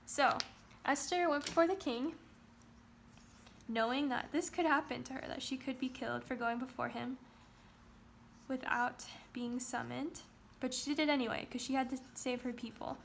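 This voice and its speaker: A woman's voice: high voice, moderate pace, vocal fry, a little hiss or hum. A woman teaching Sunday school, retelling a story in a chatty, casual way with playful asides.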